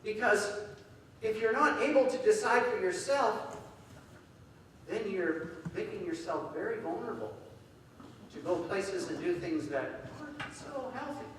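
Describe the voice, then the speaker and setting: A man preaching a sermon in an animated way, acting out quoted voices. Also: sits high, a little slow, pauses often, noisy background. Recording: echoey hall from far off.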